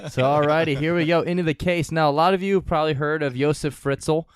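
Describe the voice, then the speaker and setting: A man's voice: fairly high pitch, fairly even intonation, fast talker, smooth, no echo, studio quality. A man hosting a casual comedy podcast, walking through the case with jokes and laughing at his own lines. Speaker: podcast host presenting the case.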